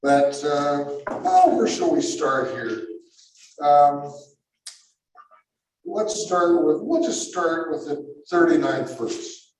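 A man preaching through a Bible passage, animated and full of rhetorical questions, often correcting himself mid-sentence. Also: fairly high pitch, slow pace. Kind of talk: expository Bible teaching. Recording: echoey room, mic at a distance.

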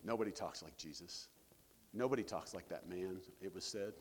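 A man preaching a sermon as pastor, animated, breaking scripture readings with joking asides. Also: low-pitched, normal speed. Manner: animated, jokey asides, reads scripture with rising emphasis. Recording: long reverb of a hall.

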